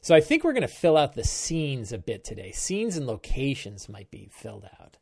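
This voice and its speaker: A man hosting a game-prep show, thinking aloud while he plans a tabletop session, musing in halting stops and restarts. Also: medium pitch, big pitch swings, creaky, a little mellow, husky.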